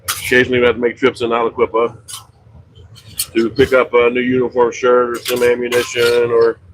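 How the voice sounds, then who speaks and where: A middle-aged western Pennsylvania man rambles through a long story about his pizza shop on a livestream, full of fillers and self-corrections. His medium-pitched voice stays completely flat and moves a little fast over a noisy background.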